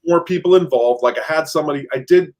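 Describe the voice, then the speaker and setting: A man's voice: fairly high pitch, fast, a little mellow. A man in casual podcast chat about managing rental properties, telling stories and acting out quoted exchanges with lots of fillers. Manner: storytelling, acts out quoted exchanges, many fillers.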